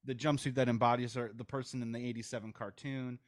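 A man's voice: mid-range voice, flat delivery, fast talker, no room sound, clean studio sound. A man hosting a podcast, recapping behind-the-scenes stories casually and handing questions to his guests. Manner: recaps trivia in a storytelling way, hands off to guests. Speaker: podcast host. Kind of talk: casual chat.

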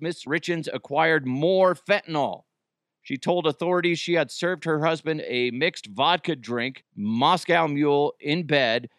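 A man's voice: fairly high pitch, fairly bright tone, no echo, clean studio sound. Jokey, foul-mouthed male podcast host. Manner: joking, swears freely, laughs at own bits. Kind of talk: casual comedic podcast chat.

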